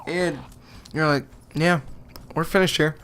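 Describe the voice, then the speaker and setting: A man's voice: a little high, steady tone, measured pace, fairly bright tone, a little hiss or hum. A young man casually telling a rambling, exasperated story on his vlog, often laughing as he goes. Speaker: gaming channel vlogger.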